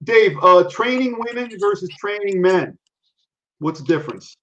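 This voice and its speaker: A man's voice: high voice, lively intonation, moderate pace, fairly bright tone. A man hosting a podcast interview, reading out viewer comments and asking short questions. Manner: brief encouraging interjections, reads viewer comments. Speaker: podcast host. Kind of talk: casual interview. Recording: dull lo-fi remote audio with faint noise.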